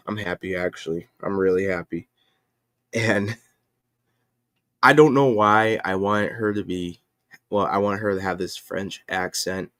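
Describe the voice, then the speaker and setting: Low-voiced man rambling on a stream. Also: no room sound, clean studio sound. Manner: rambling, self-correcting, many fillers. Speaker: livestream host and comic creator. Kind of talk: casual livestream chat.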